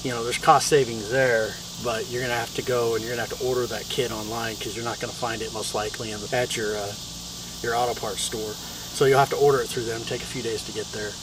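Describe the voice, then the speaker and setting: A man hosting a do-it-yourself video, explaining a repair outdoors in a relaxed, plain-spoken way with fillers. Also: mid-range voice, fast talker, distant mic, background noise. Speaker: DIY video host. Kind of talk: casual how-to explanation. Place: outdoors on a hot evening.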